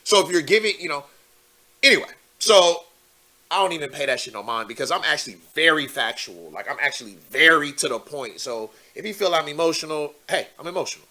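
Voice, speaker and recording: A man hosting a call-in talk show, speaking casually and laughing often, swinging from low muttering to animated near-shouting. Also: fairly quick. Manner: animated, rising to near-shouting when worked up.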